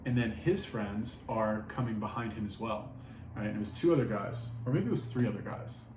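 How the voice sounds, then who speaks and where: A man's voice: lowish voice, fairly quick. A young man telling a story casually, rambling and swearing a lot, with many fillers. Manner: profane, rambling, filler-heavy. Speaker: vlogger. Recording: echoey room, faint background noise.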